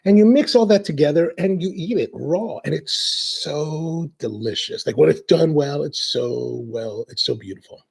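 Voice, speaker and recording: Male host, a little high-pitched, with a rough, fry-heavy voice; casual, rambling chat full of restarts. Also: moderate pace, hardly any pauses. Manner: rambling, tangential, many restarts. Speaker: coffee show host.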